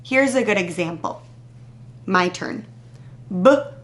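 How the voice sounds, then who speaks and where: A woman teacher with an animated, mid-range voice warms young children up with a slow, careful phonics exercise. She crisply sounds out the words and, after each pause, responds to answers with patient, stretched-out words of encouragement.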